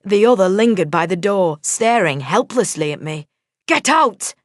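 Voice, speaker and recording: A woman narrating a first-person audiobook in a measured, steady storytelling manner. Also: lowish voice, no echo, clean studio sound.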